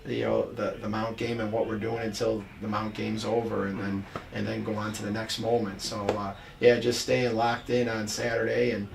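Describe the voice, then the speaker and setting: Man, middle-aged, gravelly voice, college coach, rambling casual chat, faint room noise. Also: on the low side, level tone, moderate pace, few pauses. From Buffalo, New York. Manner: rambling storyteller, many restarts and fillers. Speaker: college basketball head coach. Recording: distant mic with faint background noise.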